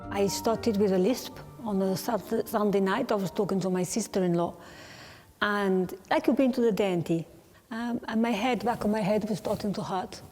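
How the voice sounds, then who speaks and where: A woman in her fifties from England whose speech has a foreign-sounding accent like Polish or Russian, speaking slowly and with effort, grammar sometimes broken, as she tells her own story. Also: medium pitch, darkish tone, in a large hall, soft background music. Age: 50s. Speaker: interviewee. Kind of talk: personal testimony.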